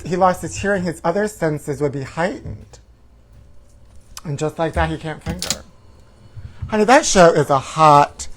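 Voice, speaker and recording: A man's voice: sits high, a little hiss or hum. A man hosting a comedic gossip show, campy and sassy, calling listeners honey. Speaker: host. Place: home livestream.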